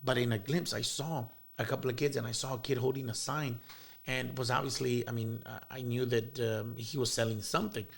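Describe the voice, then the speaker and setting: A man's voice: mid-range voice, steady tone, a little fast, creaky. A man, telling a heartfelt story as an interview guest, rambling with many fillers and bits of Spanish slang. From South Texas.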